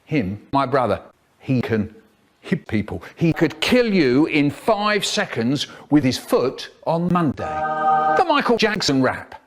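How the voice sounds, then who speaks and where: A man's voice: a little high, very animated, unhurried, slight background noise. A man, telling playful, exaggerated stories in edited clips. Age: 70s. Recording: remix with loud music bed.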